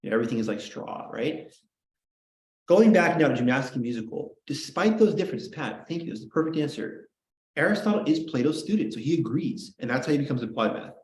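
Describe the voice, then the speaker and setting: A man's voice: a little high, animated, quick pace. A man teaching a class, lecturing in a playful, joking way with chatty asides. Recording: roomy classroom echo.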